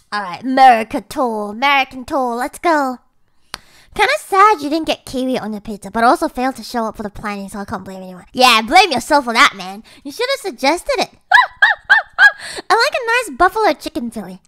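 High, lively woman streamer chatting. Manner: swears casually, breaks into loud laughter. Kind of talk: casual livestream chat, reading chat aloud.

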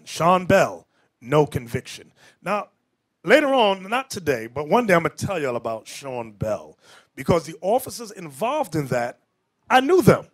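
A man preaching as a bishop in an emphatic, animated lecture style with off-the-cuff asides. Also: on the high side. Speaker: bishop and teacher.

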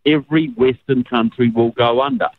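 A man's voice: mid-range voice, normal speed. A man with a New Zealand accent, a guest speaking earnestly on a call-in show. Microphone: phone call. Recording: phone line.

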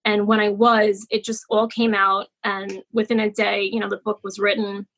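A woman in her forties, a children's author appearing as a podcast guest, tells a personal story in a casual interview. Her mid-range voice is fairly bright and level, at a moderate pace, and she's chatty and emotional with many fillers and restarts. The recording quality is low.

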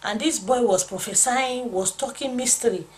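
A woman's voice: on the high side, normal speed, low-quality recording. A woman telling a dream testimony in a church setting, earnest and storytelling, repeating lines as her feeling rises. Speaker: pastor's wife sharing a dream testimony. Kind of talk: spoken testimony.

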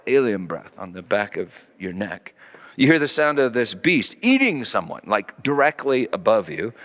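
A middle-aged man preaching a sermon as pastor, telling a story with lively acted-out voices and sudden hushed drops. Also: medium pitch. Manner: animated storytelling, acting out voices, dropping to hushed tones. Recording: long hall reverb.

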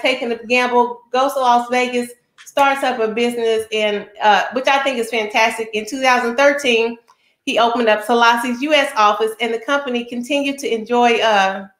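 A woman hosting a talk show, giving an energetic, chatty introduction and often asking her listeners "right?". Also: on the high side, normal speed, reverberant. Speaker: show host.

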